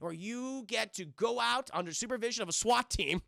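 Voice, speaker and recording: A man's voice: high voice, normal speed, gravelly, bright, forceful tone, no echo, studio quality. A young man streaming a casual, profane film breakdown, chatting to his viewers as he goes. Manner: profane, chatty, keeps addressing chat.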